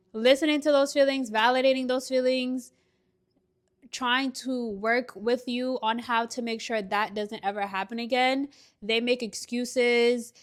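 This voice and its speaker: Chatty young woman vlogger, higher voice. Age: young adult. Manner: chatty, emphatic, slangy. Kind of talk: casual advice chat while doing a puzzle.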